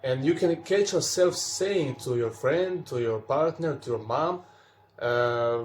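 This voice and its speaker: Man speaking slowly in an echoey room. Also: mid-range voice, expressive, a little hiss or hum. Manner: slow, searching, with pauses and restarts. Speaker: spiritual teacher. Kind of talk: calm spiritual talk to viewers.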